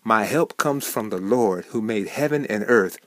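Guy preaching a devotional, goes soft then fired up, dry mic. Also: fairly low pitch, unhurried, dry recording. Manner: animated, swings from soft to emphatic, acts out quoted people. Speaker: host of a short devotional program.

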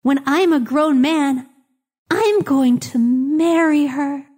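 A dreamy falsetto peasant boy. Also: slow, a little mellow. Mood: lovestruck. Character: lovestruck young peasant boy, wide-eyed.

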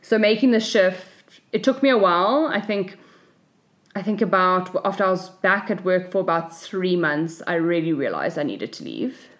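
Lower-voiced South African woman telling a story. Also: moderate pace. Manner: lively, acts out the voices of people in her story. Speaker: podcast co-host. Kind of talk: casual storytelling chat.

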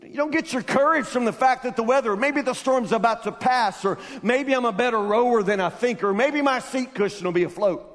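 High-voiced man preaching in a big hall. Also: fairly quick, hardly any pauses, a bit bright. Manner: emphatic, with repeated restarts. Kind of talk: sermon. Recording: long reverb of a large hall.

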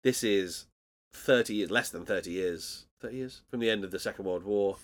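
Brief: male podcast co-host, deeper voice, loose chatty recap. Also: normal speed. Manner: chatty, laughs often, many restarts. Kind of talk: casual podcast chat recapping an episode.

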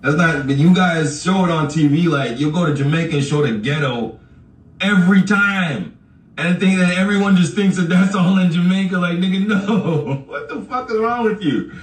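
A man rants on his podcast in a somewhat high voice, swearing freely and breaking into laughter. He talks straight to his listeners, set back from the mic in a room that rings with echo. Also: a bit bright. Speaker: podcast host. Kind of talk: casual podcast rant. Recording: echoey room, far from the mic.

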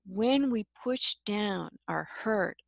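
A woman guest telling a personal story in an interview, reflective and soft-spoken, often laughing. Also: medium pitch, expressive, slow pace, vocal fry, no room sound.

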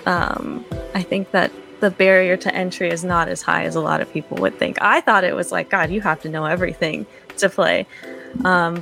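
A woman's voice: fairly low pitch, vocal fry, fairly bright tone. A woman player chatting casually on a podcast, earnest and grateful, with lots of fillers. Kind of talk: casual chat.

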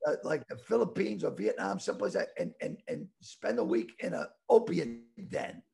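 A middle-aged man from the Boston area telling a rambling story with stammering restarts and animated voices. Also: fairly high pitch, moderate pace, gravelly. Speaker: comedian guest telling a story. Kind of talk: casual storytelling.

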